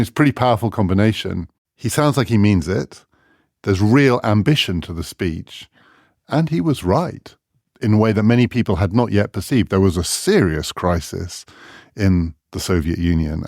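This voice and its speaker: A man's voice: on the low side, a little mellow, no room sound, studio quality. A man co-hosting a podcast, talking in a thoughtful, reflective way. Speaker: podcast co-host. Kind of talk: conversational discussion.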